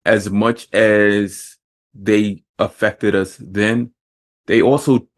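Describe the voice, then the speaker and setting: Low-voiced thoughtful male podcast host. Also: steady tone, very slow. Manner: thoughtful, with frequent restarts. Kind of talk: casual conversation.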